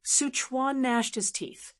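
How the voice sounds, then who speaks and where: A woman narrating a fantasy audiobook in a steady, even reading voice. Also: high voice, slow. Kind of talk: scripted narration.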